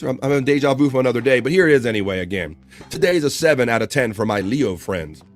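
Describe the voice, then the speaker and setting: A man hosting a live online show in casual talk, joking as he reads out chat messages and horoscopes. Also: medium pitch. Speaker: host.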